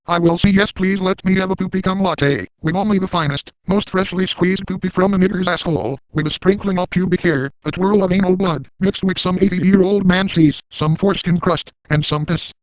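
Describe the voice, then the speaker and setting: A man's voice: high voice, a little fast, few pauses, darkish tone, no room sound, close to an everyday voice, rough recording. A man voicing a crude, manic cartoon dad in an absurd parody monologue, ranting and making repeated sound-effect noises.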